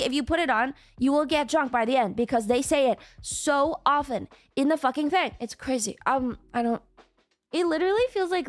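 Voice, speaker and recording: A woman's voice: sits high, no echo. A woman streamer in casual chat, rambling and swearing freely as she talks to her viewers.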